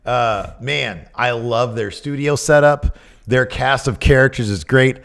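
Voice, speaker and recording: A man co-hosting a podcast in casual chat, excitable, laughing often and trailing off mid-thought. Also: mid-range voice, measured pace, vocal fry. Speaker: podcast co-host.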